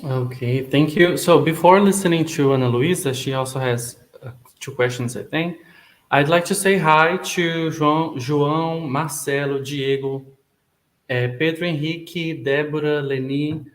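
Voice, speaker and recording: Slow-speaking Brazilian man hosting a stream. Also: a little high. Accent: Brazilian Portuguese. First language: Portuguese. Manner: friendly, stumbling restarts. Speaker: English teacher hosting a live stream.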